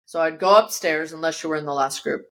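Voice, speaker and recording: A woman's voice: low-pitched, fast, a bit bright. A woman guest in an interview, telling a personal story vividly and acting out the voices of the people in it, recorded in her yoga studio. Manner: vivid storyteller who acts out quoted voices.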